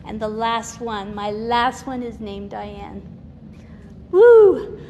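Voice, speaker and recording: Older woman, guest speaker at a recovery meeting, candid and emotional, laughs often; gravelly voice, recorded in a hall with a long echo. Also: mid-range voice, little pitch movement, slow. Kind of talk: personal testimony talk. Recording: reverberant hall with faint noise.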